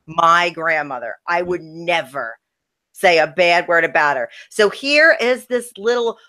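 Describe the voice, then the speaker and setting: A woman's voice: fairly low pitch, lively intonation, a little slow, sharp tone. A woman co-hosting a casual gossip chat, blunt and exasperated, swearing freely as she recaps a reality show. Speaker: podcast co-host, former wrestler.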